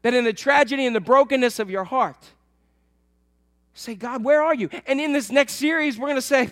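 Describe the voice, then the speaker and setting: A man preaching a sermon to his church, swinging between loud emphatic lines and soft, low asides. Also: a little fast. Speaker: pastor.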